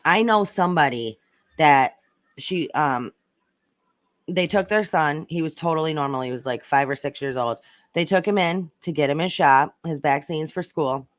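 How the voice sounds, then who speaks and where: A woman's voice: deep voice, normal speed, dry recording, clean studio sound. A woman hosting a casual livestream, chatting and reading viewer comments in a rambling way, swearing freely. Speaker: livestream host reading chat. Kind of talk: casual chat.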